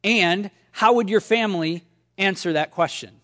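High-voiced pastor preaching in a reverberant hall. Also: male voice, moderate pace, a bit bright. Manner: conversational storytelling with humor. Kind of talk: sermon.

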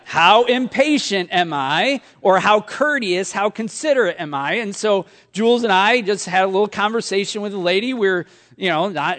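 A man preaching a sermon as a pastor, telling everyday stories in a relaxed, conversational way with touches of humor. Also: high-pitched, moderate pace, long reverb tail.

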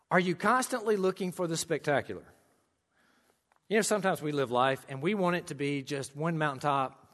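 A man's voice: fairly high pitch, fairly quick, a bit bright, in a large hall. A man with an American country accent preaching a sermon in a church, emphatic with folksy humorous asides. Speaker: pastor.

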